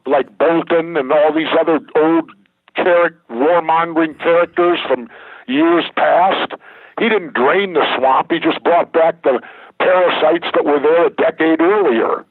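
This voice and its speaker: An older man speaks bluntly and with emphasis, telling his stories with conviction. His voice is slightly high for a man and a little husky. It comes through a dry, tinny phone line. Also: no room sound. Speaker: guest. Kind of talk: political interview.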